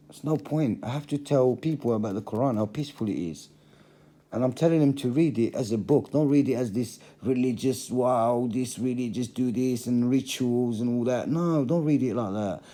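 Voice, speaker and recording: A man's voice: mid-range voice, mellow. A middle-aged man giving a passionate monologue to camera, repeating phrases for emphasis. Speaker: religious vlogger.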